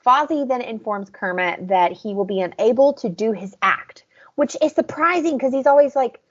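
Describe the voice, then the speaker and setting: A woman's voice: fairly high pitch, lively intonation, moderate pace, highs cut off. A woman with a Southern US accent, co-hosting a podcast in casual chat, going over scenes in detail. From American South. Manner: chatty, recaps scenes in detail. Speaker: podcast co-host.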